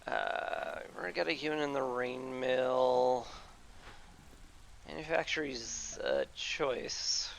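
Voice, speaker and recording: A man's voice: mid-range voice, fairly even intonation, takes it slowly, creaky, slight background noise. A man casually commenting on his gameplay as he plays, talking to himself and to the game with mock rants. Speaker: gameplay streamer.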